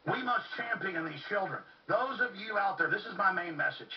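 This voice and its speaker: A man's voice: sits high, lively intonation, moderate pace. A man hosting a talk radio show, delivering an impassioned monologue with urgent repetition. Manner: fervent, ranting, with urgent repetition. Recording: muffled, distant, lo-fi recording.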